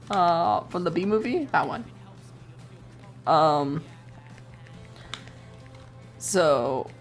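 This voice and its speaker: Rambling, swearing woman streamer. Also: fairly low pitch. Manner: rambling, swears a lot, breaks into laughter. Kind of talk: casual chat recapping a story while drawing. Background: faint background music.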